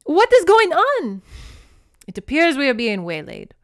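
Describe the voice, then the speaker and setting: A woman voicing a gruff hunchbacked male outlaw in disguise, scolding loudly and theatrically. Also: mid-range voice, wildly swooping pitch, fairly quick, heavily acted.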